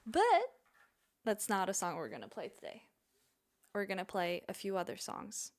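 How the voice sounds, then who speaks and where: A woman's voice: medium pitch, normal speed. A woman musician chatting casually on her stream in a rambling, self-deprecating way.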